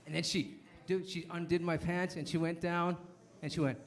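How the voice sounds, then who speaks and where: A man's voice: a little high, little pitch movement, moderate pace. A man in his late thirties doing a stand-up comedy set, telling rambling stories that keep stopping and restarting. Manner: rambling, self-interrupting storyteller.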